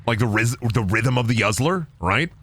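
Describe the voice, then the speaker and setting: Animated, jokey young man streaming. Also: medium pitch, moderate pace. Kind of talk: casual let's-play commentary.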